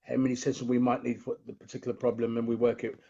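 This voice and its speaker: A man's voice: mid-range voice, completely flat delivery, very fast, gravelly, dark tone, slightly rough. A man with a London accent, a guest on a video call, easygoing and jokey. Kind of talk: casual interview on a video call. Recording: dull lo-fi call audio.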